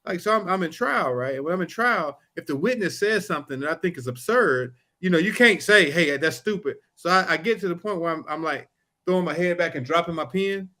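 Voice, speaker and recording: A man co-hosting a casual podcast, a trial lawyer sharing stories from court. His voice sits a little high for a man, and he acts out witnesses and judges as he goes, with lively swings in pitch. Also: a little fast. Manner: animated, acts out courtroom exchanges. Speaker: podcast co-host. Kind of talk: casual storytelling chat.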